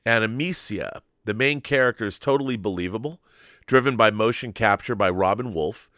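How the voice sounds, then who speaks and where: A man hosting a casual interview show, reading viewer comments aloud in a relaxed, conversational way. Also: fairly low pitch, brisk, no room sound, studio quality. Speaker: podcast host.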